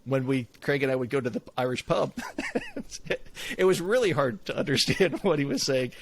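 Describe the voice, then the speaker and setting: A man's voice: mid-range voice, animated, normal speed, a little hiss or hum. A man in his forties co-hosting a casual podcast, rambling with restarts and laughs. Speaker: podcast co-host.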